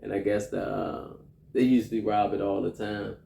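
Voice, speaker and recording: A man with a gravelly, mellow voice chats casually about a movie, retelling scenes with animated energy and salty language. He sounds like he is in an echoey room. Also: on the low side, moderate pace. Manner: animated retelling, profane, acts out quoted lines. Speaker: movie review co-host. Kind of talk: casual chat.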